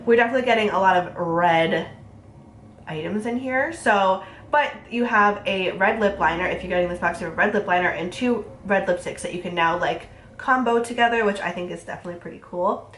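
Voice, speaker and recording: A woman's voice: mid-range voice, a bit bright, slight background noise. Chatty nasal woman in a roomy room. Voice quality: nasal from a cold. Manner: chatty, fast, filler-heavy. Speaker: beauty vlogger. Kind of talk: casual makeup review. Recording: roomy echo.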